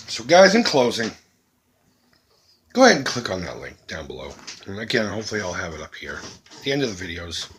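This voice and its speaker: A middle-aged man making an earnest, emphatic charity appeal to his viewers as a vlogger, swinging between loud and hushed. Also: medium pitch, slight background noise.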